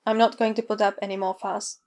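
A woman's voice: medium pitch, level tone, brisk, darkish tone, close to an everyday voice. A woman reading the lines of a grudging, sarcastic grown man in a story read aloud.

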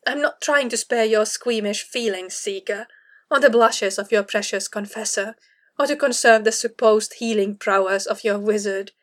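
Woman reader doing a prickly young warrior woman, clipped, exasperated, mid-pitched, audiobook story. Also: moderate pace, lightly acted. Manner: clipped, exasperated, through clenched teeth. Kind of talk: audiobook reading of fan fiction.

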